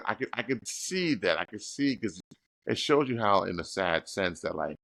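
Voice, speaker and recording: Podcast host guy, really deep voice, curious and thoughtful. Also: lively intonation, moderate pace, fairly bright tone. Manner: curious, reflective listener. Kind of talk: casual interview.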